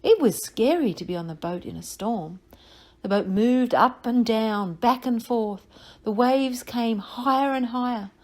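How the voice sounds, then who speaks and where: A woman teacher reading a Bible story aloud to young children, with expressive storytelling and questions to the listeners. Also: a little high.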